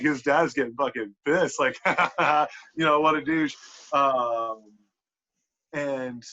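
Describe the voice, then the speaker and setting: A man on a podcast telling a wrestling story in casual, animated talk, swearing a lot and filling with "like". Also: mid-range voice. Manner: animated, profane, lots of "like" fillers. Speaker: podcast guest, pro wrestler. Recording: dull lo-fi podcast audio.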